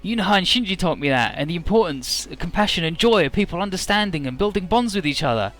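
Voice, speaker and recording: A man's voice: high voice, lively intonation, quick pace, a bit bright, pitched above the performer's own voice. A man reading an earnest young hero. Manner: earnest, read-aloud game dialogue.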